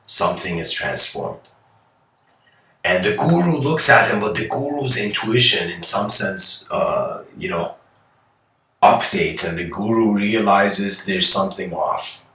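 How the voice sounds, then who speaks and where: A man giving a spiritual lecture by telling a story, rambling and animated, often restarting and adding "like" and "you know". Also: fairly low pitch, unhurried. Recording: echoey room, mic at a distance.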